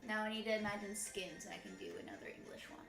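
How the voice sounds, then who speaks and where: A woman's voice: mid-range voice, big pitch swings, racing, reverberant, over music. A woman with a Southern US accent who hosts a stream, rambling in casual chat. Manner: rambling, lots of "like" fillers.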